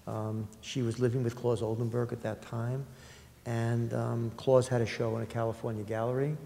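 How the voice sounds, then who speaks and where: Older man, New York accent, gravelly, mellow tone, anecdotal storyteller, echoing lecture hall. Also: mid-range voice, flat delivery. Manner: anecdotal, halting with many ums. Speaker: art dealer in public talk. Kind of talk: conversational storytelling talk. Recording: reverberant hall.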